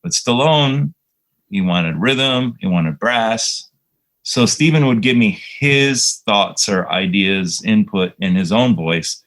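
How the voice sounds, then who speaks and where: A man's voice: on the low side, animated, slow pace, a bit bright, rough recording. A man, a composer guest, chatting in a casual interview and telling reflective, rambling stories with many fillers.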